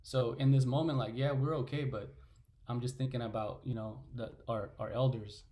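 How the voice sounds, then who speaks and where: A man's voice: medium pitch, fairly even intonation, moderate pace, warm tone. A man, a father, talking bluntly and casually with plenty of slang as a panel guest. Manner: blunt, slangy, "bro", "you know what I'm saying".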